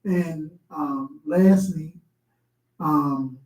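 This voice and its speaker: A woman co-hosting a casual talk radio show, who tells stories in an animated, laughing way. Her voice is warm and dark. An echoey room surrounds her. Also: low voice, extremely slow.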